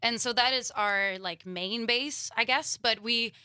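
Young woman, from Sweden, singer guest, upbeat, bright tone, dry close mic. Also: a little high, measured pace, clean tone, no room sound. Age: young adult. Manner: upbeat, laughs often, uses "like" a lot. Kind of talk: casual radio interview. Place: radio studio.

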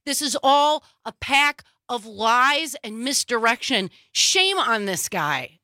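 A woman's voice: a little high, sing-song, slow, pushed and bright, no room sound, clean studio sound. A woman co-host giving emphatic, indignant political commentary.

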